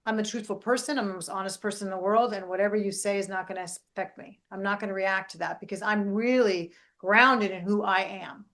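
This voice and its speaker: A middle-aged woman, a life coach and podcast host, talking in a casual, animated way and often checking in with "right?". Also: medium pitch, brisk, few pauses. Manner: animated, keeps adding "right?".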